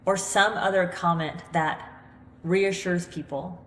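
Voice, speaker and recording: A woman hosting a podcast, talking earnestly and a little ramblingly about staying calm in a crisis, recorded in her living room. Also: lowish voice, normal speed, a little hiss or hum. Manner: earnest, rambling, self-deprecating. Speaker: podcast host. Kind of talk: reflective motivational talk. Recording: echoey room with long reverb.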